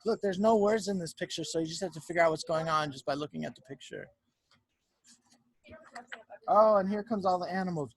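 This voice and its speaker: A male teacher reading a picture book aloud to young children over a video call from home, narrating in an animated way and checking in with them. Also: high voice, fairly quick, long pauses, no echo. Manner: warm, animated storyteller who keeps checking in with the children.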